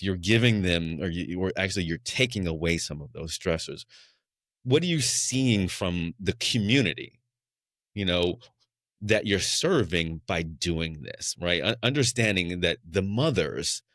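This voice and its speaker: A man hosting an interview podcast who speaks in a halting, reflective way with many fillers. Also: low-pitched, expressive, a bit bright, dry recording, clean studio sound. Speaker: podcast host. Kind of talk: interview conversation.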